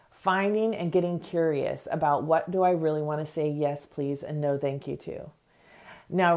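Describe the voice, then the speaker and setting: Low, gravelly-voiced woman coaching. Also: dark tone. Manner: earnest, acts out quick examples in voices. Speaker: podcast host. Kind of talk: motivational self-help talk.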